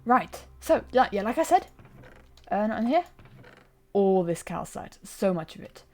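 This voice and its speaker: Her voice is mid-range, sing-song and mellow, and she speaks unhurriedly. Bilingual, this woman streams a game and chats casually, giggling and mocking herself, speaking close to her desk microphone.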